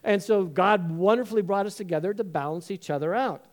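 A man's voice: high-pitched, brisk. A man preaching a sermon in a conversational, joking way, acting out voices in his stories. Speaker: pastor.

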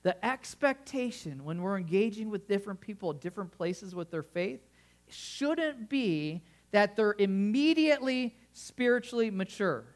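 A man's voice: high-pitched, expressive, moderate pace. A male pastor preaching a sermon in a conversational way, often restarting phrases and asking the congregation questions.

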